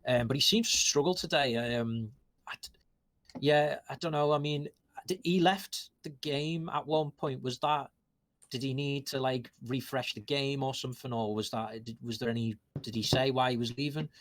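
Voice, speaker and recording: A man's voice: mid-range voice, normal speed, a bit bright. A man hosting post-match interviews, asking rambling questions full of ums and restarts.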